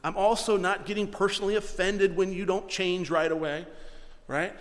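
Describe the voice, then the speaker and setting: A man's voice: high-pitched, steady tone, moderate pace, big-room sound. A middle-aged man preaching a sermon as pastor, earnest and emphatic, his volume rising and falling. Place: church hall with live congregation.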